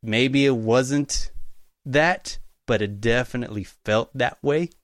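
A man speaking as a guest in a casual interview, telling work stories in a relaxed, easygoing way. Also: medium pitch, slow, no room sound, studio quality. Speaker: guest, utility locator.

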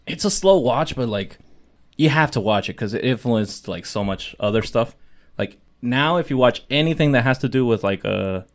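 A man's voice: mid-range voice, animated, moderate pace. A young man co-hosting a casual podcast, laughing often and mimicking his friends. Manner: laughs a lot, does voices of friends. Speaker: podcast co-host. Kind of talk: casual chat.

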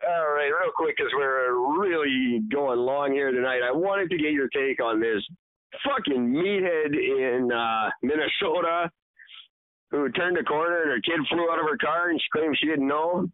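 This is a Canadian podcast co-host in loose, casual chat, speaking at a moderate pace. He swears, mocks things, and slips into goofy high-pitched voices for impressions. The audio has a thin, phone-like quality and no room sound.

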